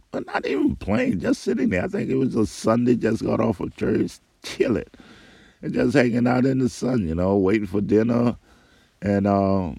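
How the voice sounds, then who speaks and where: A man's voice: lowish voice, creaky, dark tone, slightly rough, no room sound, studio quality. An older man telling a rambling, profane story from his own life in a casual spoken way. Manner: rambling, profane, laughs between phrases.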